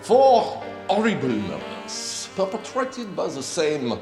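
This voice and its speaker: An actor putting on a French accent as a fussy, theatrical detective, making slow, dramatic pronouncements. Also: male voice, high voice, wildly swooping pitch, reverberant, big-room sound, over music, full character voice.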